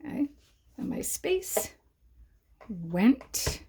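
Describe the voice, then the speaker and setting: A woman teacher giving a writing lesson to young children, talking slowly and clearly and sounding out each word as she writes. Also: on the high side, very animated, mellow. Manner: slow, clear dictation for young learners.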